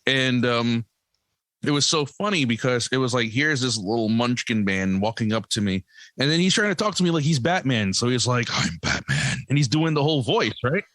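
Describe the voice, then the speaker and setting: Animated man telling a funny story. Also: mid-range voice, fairly quick, no echo. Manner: animated, laughing storyteller who acts out quotes. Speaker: podcast guest, comic creator and single dad. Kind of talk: casual storytelling.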